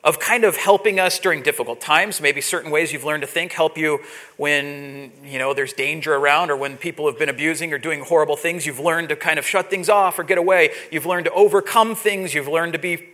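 A man with a high, bright voice delivers a sermon built on a personal story. He talks casually, rises and grows loud when the story heats up, and keeps circling back to his point. He sounds like he's in his forties. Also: a little fast. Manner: storytelling, animated, gets loud when imitating yelling. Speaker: pastor.

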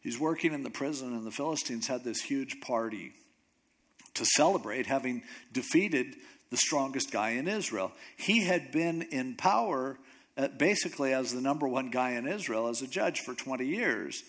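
A man preaching a sermon, retelling a story in a lively, joking way with asides. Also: medium pitch, moderate pace.

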